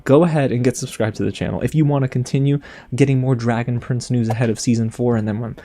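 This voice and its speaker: A man's voice: medium pitch, steady tone, quick pace, mellow, soft background music. A man hosting a fan reaction video, talking emotionally and addressing his viewers directly.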